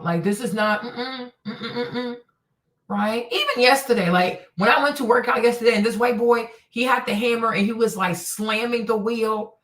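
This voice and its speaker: A woman hosting her own stream, telling stories and ranting bluntly in casual, profane, animated commentary. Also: on the high side, distant mic. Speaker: streamer host. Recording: echoey room, voice a bit off-mic.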